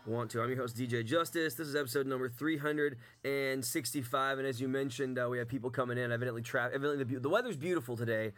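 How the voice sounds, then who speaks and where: A man hosting a radio show, bantering in a fast, playful and campy way with his co-hosts in the studio. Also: medium pitch, fairly bright tone.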